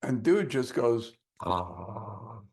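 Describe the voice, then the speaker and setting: A man teaching hypnosis shares a story from his own sessions, drawing it out at a slow and unhurried pace. His voice is mid-pitched, and he talks casually, with plenty of swearing. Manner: casual, profane, animated anecdote telling. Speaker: hypnosis instructor. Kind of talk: storytelling in a course lesson.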